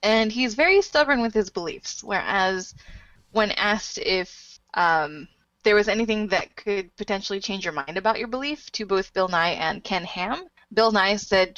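A woman's voice: mid-range voice, moderate pace, fairly bright tone, dry recording, dull audio. A woman co-hosting a casual podcast, giggly and playful. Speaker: podcast co-host.

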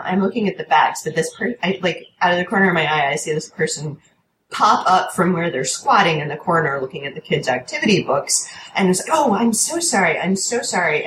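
Low-voiced woman telling a lively story. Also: reverberant, slight background noise, low-quality recording. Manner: animated, swearing, acts out quotes in a high voice. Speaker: storyteller guest. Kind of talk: casual chat.

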